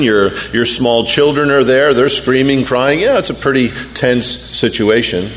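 A man, a pastor, preaching a sermon in an animated way, acting out the voices of people who complain. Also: medium pitch, long reverb tail, slight background noise.

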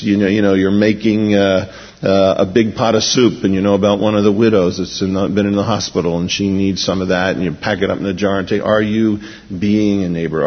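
A male pastor delivers an animated sermon, his voice lifting when he quotes scripture. His voice sits low with a husky edge. The recording is dull and lo-fi, with long reverb from a large church sanctuary. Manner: animated preaching, raises voice when quoting.

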